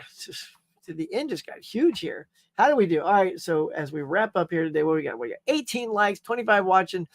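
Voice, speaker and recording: A man's voice: high voice, gravelly, dry recording, studio quality. A man hosting a casual live stream, rambling cheerfully, greeting viewers and reading their comments, often saying "y'all" and "man.".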